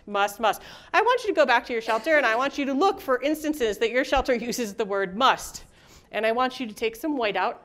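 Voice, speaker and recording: A woman with a high voice talks casually to a conference audience. She is middle-aged and keeps things light with quick asides and jokes. She slips into little voices whenever she acts out other people. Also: a bit bright. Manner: chatty, jokey, with quick asides and laughs. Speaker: conference presenter. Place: conference room with live audience.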